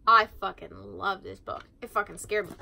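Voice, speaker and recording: A woman's voice: mid-range voice, steady tone, normal speed, vocal fry, background noise. A teenage girl chatting casually while cleaning her room, sarcastic and swearing freely. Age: teens. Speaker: vlogger.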